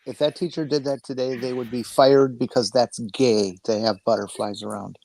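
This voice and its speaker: A man chatting over a video call, halting and sardonic, with many ums and restarts. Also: medium pitch, steady tone, gravelly, a little mellow, a little hiss or hum, rough recording. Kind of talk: casual chat.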